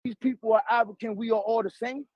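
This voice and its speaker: A man's voice: very high voice, fairly even intonation, fast talker, no echo, muffled recording. A man arguing in a heated online debate, aggressive and profane, talking over his opponent. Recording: loud background noise with clicks.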